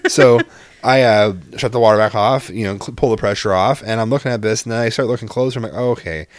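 A middle-aged man telling a long story casually, animated and profane, swearing freely. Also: lowish voice, fast talker, no room sound.

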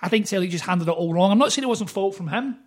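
A man, an author guest on a podcast, telling stories in a fast, animated way. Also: sits high. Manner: fast, animated storytelling with quoted voices. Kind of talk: casual podcast chat.

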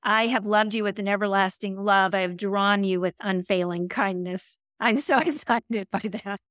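A woman's voice: mid-range voice, fairly even intonation, moderate pace, a bit bright, no echo, studio quality. A woman in her sixties hosting a faith podcast, effusive and emotional as she shares her own story. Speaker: podcast host.

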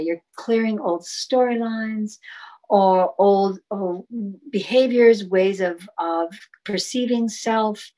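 A woman's voice: medium pitch, a little mellow, low-quality recording. Woman explaining voice healing tones. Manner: demonstrates chanted tones while explaining; encouraging, flowing explanations. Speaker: sound healing guest. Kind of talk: casual interview talk.

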